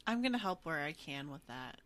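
A woman's voice: deep voice, very animated, a little fast, a bit bright. A woman playing a tabletop role-playing game, wry and a little hesitant. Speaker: player. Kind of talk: casual tabletop play.

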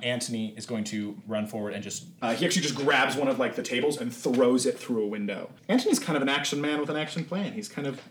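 A man running a tabletop game as game master, narrating and explaining the rules in a relaxed, casual way with many fillers. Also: medium pitch, fast, few pauses. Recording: echoey room with faint noise.

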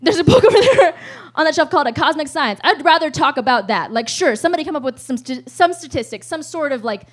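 Woman, high voice, live comic storyteller, swears freely and keeps laughing mid-story. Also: expressive, fast talker. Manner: rambling, profane, laughs often.

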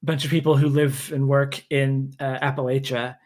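A man's voice: mid-range voice, flat delivery, moderate pace, darkish tone. A man with no regional accent, talking in a hesitant way with many restarts in casual political podcast chat. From United States.

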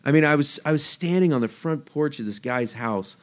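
A man's voice: on the high side, expressive, fairly quick. A man talking casually about faith on a podcast, telling stories animatedly and jumping his voice up for quoted lines. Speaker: podcast host.

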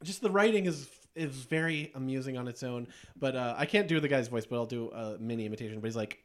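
A man hosting a podcast, chatting casually about movies, enthusiastic and quick to laugh as he recounts scenes with plenty of fillers. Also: mid-range voice. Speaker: podcast host.

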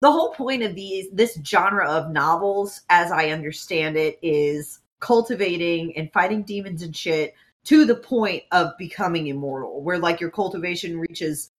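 A woman co-hosting a casual podcast, cursing freely and laughing her way through stories. Her pitch swings widely from low to high, which keeps her talk lively and animated. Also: normal speed. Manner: profane, animated, laughs often. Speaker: podcast co-host. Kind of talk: casual chat.

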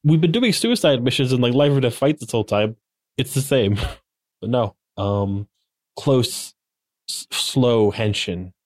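A man's voice: mid-range voice, animated, a little slow, a little mellow, no echo, studio quality. A man co-hosting a podcast, retelling episode events in a loose, filler-heavy way. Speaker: podcast co-host. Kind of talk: casual episode recap.

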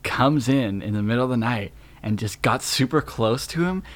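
A man's voice: mid-range voice, animated, normal speed. A young man co-hosting a podcast in casual chat, laughing often and swearing casually. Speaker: podcast co-host.

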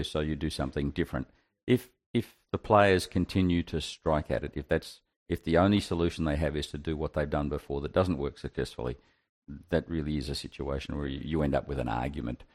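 A man speaking in an extremely deep voice as he chats about tabletop games. He talks earnestly and often stumbles as he starts a sentence. His tone stays casual and conversational. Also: a little mellow.

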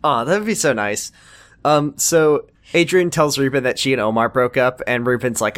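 A man's voice: medium pitch, normal speed, fairly bright tone. A man co-hosting a podcast, chatting casually about a TV show and making dry, sarcastic asides. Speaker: podcast co-host. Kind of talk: casual chat recapping a TV show.

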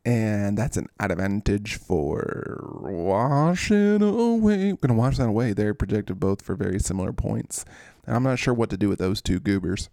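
A man's voice: lowish voice, steady tone, fairly quick, vocal fry, dark tone, dry recording, studio quality. A man hosting a podcast, giving casual fantasy sports commentary with goofy, rambling asides. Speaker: podcast host.

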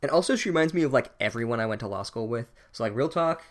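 A man's voice: mid-range voice, expressive, fast. A young man giving a sarcastic, profane comedic book recap with wry asides. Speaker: podcast host reviewing a book.

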